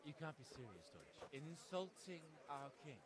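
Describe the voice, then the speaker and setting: A man's voice: on the high side, big pitch swings, a little slow. An actor playing a hot-tempered villager loyal to his king, scornful and indignant, with a busy crowd behind.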